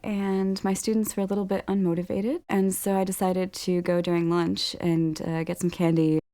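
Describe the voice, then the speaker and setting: A young woman telling the story of her kidnapping in a documentary interview, halting and earnest, with many restarts. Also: on the low side, little pitch movement, mellow. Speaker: survivor recounting a crime. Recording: music bed under the voice.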